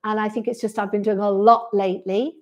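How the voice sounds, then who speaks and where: A woman's voice: mid-range voice, little pitch movement, brisk. A woman, a pilates instructor chatting on a live stream and answering viewer comments one by one in a friendly way, from a sunny room indoors. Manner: friendly, reads out viewer comments and replies to each.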